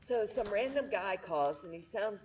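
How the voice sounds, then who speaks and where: A woman's voice: medium pitch, animated, normal speed, darkish tone, slight background noise, poor audio. A middle-aged woman streaming from home, chatting candidly and rambling with frequent restarts. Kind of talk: casual chat.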